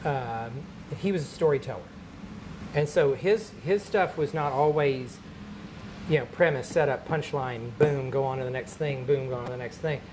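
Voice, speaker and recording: A man, a stand-up comedian, telling a long anecdote in casual chat, animated and laughing between lines, with many fillers. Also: mid-range voice, normal speed, noisy background.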